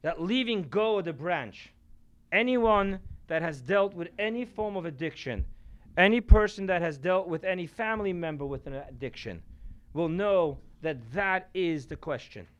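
Man preaching with swings of loudness. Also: high voice, lively intonation, normal speed, highs cut off. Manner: storytelling, swinging between loud emphasis and quiet asides. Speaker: rabbi. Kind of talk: sermon. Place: room with a live audience.

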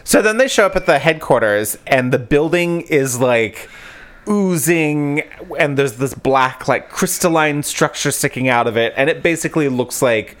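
Animated rambling man recapping a story. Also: medium pitch. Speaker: podcast co-host. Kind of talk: casual chat, retelling a book.

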